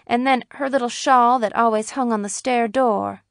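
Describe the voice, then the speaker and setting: A woman narrating a classic short story in a measured, even storytelling manner. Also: a little high, vocal fry, no room sound, clean studio sound. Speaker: audiobook narrator.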